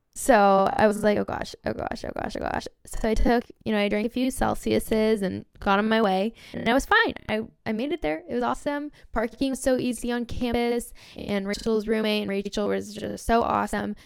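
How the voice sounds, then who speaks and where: Young woman podcast host, 19, bubbly storyteller, slight vocal fry, smooth close dry voice. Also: mid-range voice, no room sound. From Southern California. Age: young adult, around 19. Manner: bubbly, excitable, heavy use of "like" and "literally". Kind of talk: casual storytelling monologue.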